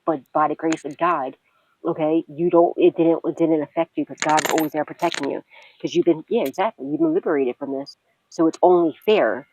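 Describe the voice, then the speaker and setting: A woman's voice: low-pitched, a little fast, a little mellow, slightly rough, rough recording. A woman speaks straight to her viewers as a tarot reader, talking through a reading in a blunt, unfiltered way. She swears freely and laughs often. She also circles back again and again to comfort the listener. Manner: blunt and profane, with frequent laughs and repeated reassurances.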